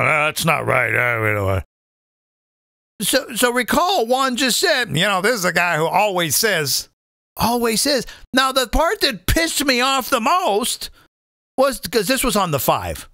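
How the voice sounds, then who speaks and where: Male comedy host, high and bright, big pitch swings, dry close sound, profane rant. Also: dry recording. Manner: animated, profane, addresses viewers as folks. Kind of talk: live comedic political rant.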